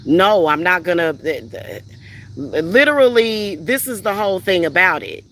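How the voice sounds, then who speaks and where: A woman's voice: on the low side, expressive, unhurried, a bit bright. A heated, profane woman ranting on a livestream. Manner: reads out viewer comments and retorts. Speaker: spiritual reader hosting a livestream. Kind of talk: livestream rant answering chat.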